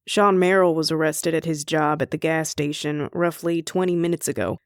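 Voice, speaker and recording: A woman narrator voicing a steady male police chief who speaks calmly and in a businesslike way. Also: sits low, normal speed, smooth, no room sound, clean studio sound, voice pushed down, natural voice. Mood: reassuring.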